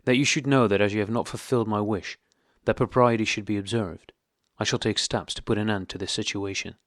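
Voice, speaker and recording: A man voicing a squeaky, furious cold husband. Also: steady tone, a little fast, dry recording, clean studio sound, natural voice. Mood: angry. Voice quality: squeaky, higher than usual. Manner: angry, clipped, coldly emphatic. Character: stiff, cold middle-aged husband, furious. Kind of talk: audiobook character reading.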